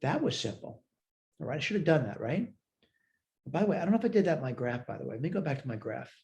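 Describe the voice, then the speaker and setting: Mellow-voiced man teaching math. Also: on the high side, big pitch swings, fast. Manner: talks through worked steps aloud, self-checking. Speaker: math instructor. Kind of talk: recorded math lecture.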